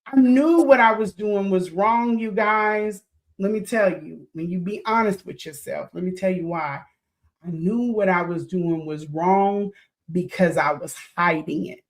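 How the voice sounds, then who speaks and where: A woman's voice: mid-range voice, a little slow. A woman, a mother of older children, speaking earnestly in a reflective monologue about lessons from her life. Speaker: mother giving life advice in a played clip.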